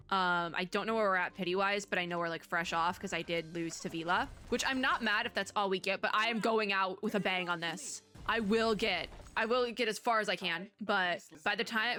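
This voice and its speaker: A woman's voice: mid-range voice, sharp tone. A young woman from Texas giving casual, rambling commentary while playing a story game and reading its dialogue aloud. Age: young adult. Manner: chatty, rambling, reads dialogue without voices. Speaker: gaming content creator. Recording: faint game music behind.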